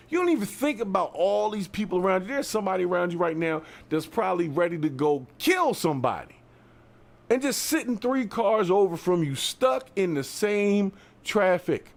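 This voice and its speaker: A man delivering a fired-up ranting commentary monologue to his viewers, swinging between yelling and calming down and often asking if they understand. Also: on the high side. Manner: fired-up, repeats "you understand what I'm saying". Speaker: video commentator.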